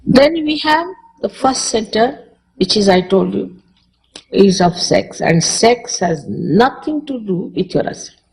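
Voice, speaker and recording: A woman's voice: mid-range voice, expressive, a little slow, gravelly, darkish tone, rough recording. A woman from India with an Indian accent, speaking as a spiritual teacher in a public lecture, conversational and repeating short phrases for emphasis.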